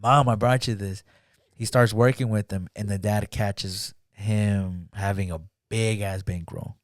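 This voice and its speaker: His voice sits on the low side, steady and measured in pace, recorded in studio quality with no echo. A podcast guest, he casually retells a film plot, rambling, peppering it with "like" and acting out the characters' dialogue.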